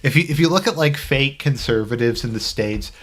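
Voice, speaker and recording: A man's voice: mid-range voice, expressive, brisk. A man giving casual, rambling commentary on a news article, heavy on fillers and sarcastic asides. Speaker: political commentary vlogger.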